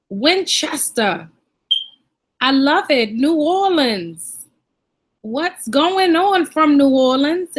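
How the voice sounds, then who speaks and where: An upbeat woman from Washington, D.C. hosts a live online class. Her voice sits high and she talks at an unhurried pace, welcoming viewers one by one by name and hometown. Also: a bit bright. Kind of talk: live webinar hosting.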